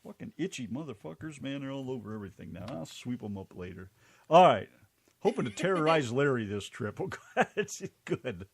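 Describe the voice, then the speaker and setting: A man's voice: medium pitch, very animated, a little fast, slightly rough. A man co-hosting a casual podcast chat, teasing his co-host with crude, profane banter.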